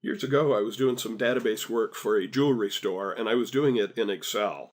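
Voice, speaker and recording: A man teaching a software tutorial over a screen recording, chatty and encouraging with folksy asides. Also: fairly low pitch, fairly quick. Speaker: software instructor.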